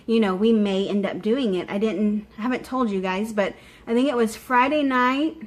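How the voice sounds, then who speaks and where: A woman recording a personal video diary update, talking openly and warmly straight to her viewers in a chatty, heartfelt way. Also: on the high side, normal speed. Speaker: vlogger.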